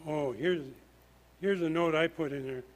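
Older male preacher, high-pitched voice, earnest and emphatic sermon delivery, speaking from a church lectern. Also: normal speed.

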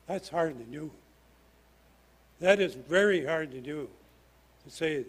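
An older man preaches from a church lectern in a high, ringing voice. His delivery is earnest and emphatic, pressing each point hard as he works through scripture. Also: expressive, a little slow, pauses often. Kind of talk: sermon.

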